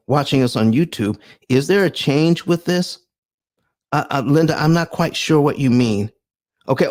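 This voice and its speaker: A middle-aged man hosting a live stream, reading out viewer comments and answering them in an animated, preacher-like way. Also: medium pitch. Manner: animated and preacher-like, calls for amens.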